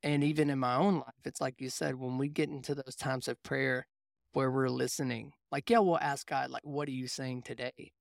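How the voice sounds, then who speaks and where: A man's voice: mid-range voice, steady tone, normal speed, gravelly, dry recording, studio quality. A young adult man, a mindset coach, telling a reflective personal story in casual faith conversation. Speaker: podcast co-host, mindset coach.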